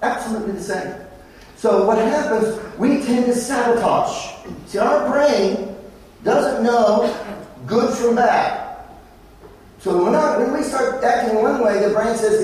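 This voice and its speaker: A man's voice: very high voice, a little slow, a little mellow. A middle-aged Australian man giving a conference presentation, telling jokey anecdotes to make his points. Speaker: conference speaker. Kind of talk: motivational presentation. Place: large conference hall. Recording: echoey hall from far off.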